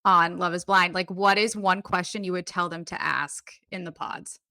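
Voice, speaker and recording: Woman cohost, bright voice, agreeable, chimes in a lot. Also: on the low side, fairly even intonation, moderate pace, dry recording. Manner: agreeable, lots of short backchannels. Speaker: podcast co-host. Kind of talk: casual chat.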